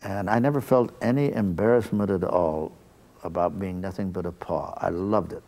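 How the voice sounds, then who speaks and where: A man recalling his old acting days in an interview, animated storyteller. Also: deep voice, normal speed, slight background noise. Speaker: interviewee, former actor. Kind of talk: reminiscing interview.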